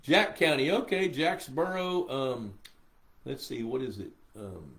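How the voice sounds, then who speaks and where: A man's voice: medium pitch, a little slow, a bit bright. An older man hosting a live pond management Q&A, rambling and a bit sleepy as he reads viewers' questions aloud. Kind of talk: casual live-stream Q&A.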